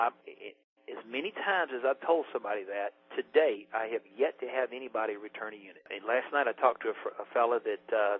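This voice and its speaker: A husky-voiced man talks through a sales training session in a loose, rambling way, stopping and restarting often. The sound is thin and tinny, like a phone line. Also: medium pitch. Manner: rambling, with many fillers and restarts. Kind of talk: casual sales training talk.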